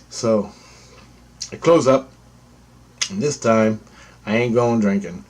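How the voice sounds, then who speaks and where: Man, husky voice, lowish pitch, rambling storyteller, casual swearing. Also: unhurried, long pauses, a little mellow. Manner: rambling, repetitive, swears freely. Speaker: vlogger.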